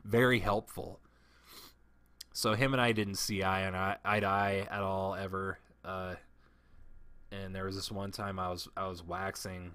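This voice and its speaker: Guy rambling thru a work story, swears a lot, lowish voice, bright forceful tone. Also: no echo. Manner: profane, rambling, frequent restarts. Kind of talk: casual storytelling monologue.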